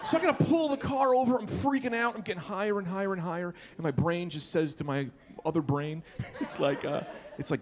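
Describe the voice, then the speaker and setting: A man in his thirties doing a stand-up comedy set, animated and shouting his punchlines. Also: sits high, a little fast. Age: 30s. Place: comedy club. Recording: live club with crowd laughter. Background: audience laughter.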